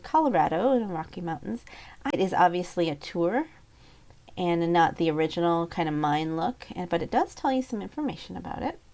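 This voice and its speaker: Woman from Montana, low and gravelly, easygoing chatty seller showing postcards to camera. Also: darkish tone. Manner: chatty, thinking aloud with fillers and asides. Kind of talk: casual sales recap vlog.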